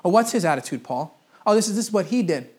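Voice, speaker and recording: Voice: mid-range voice, expressive, quick pace, darkish tone, slightly rough. A pastor preaching a sermon in a conversational way, repeating key phrases for emphasis.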